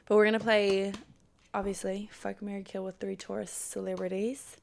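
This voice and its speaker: A woman's voice: medium pitch, little pitch movement, moderate pace, gravelly, a little mellow. A young woman hosting a solo podcast, chatting casually and profanely, then giving a fired-up pep talk. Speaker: podcast host.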